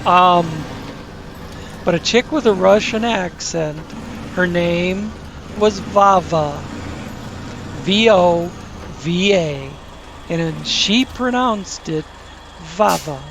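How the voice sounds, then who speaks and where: A man's voice: high-pitched, slow, gravelly. A man hosting his gaming channel, rambling through gameplay commentary with self-corrections and crude asides. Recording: game vehicle engine noise underneath.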